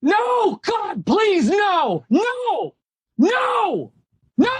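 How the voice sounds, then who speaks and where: A man voicing a panicked character who screams in a shrill falsetto. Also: huge pitch swings, extremely slow, dry recording, clean studio sound, full character voice. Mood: terrified. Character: shrieking panicked man, then gloating prankster.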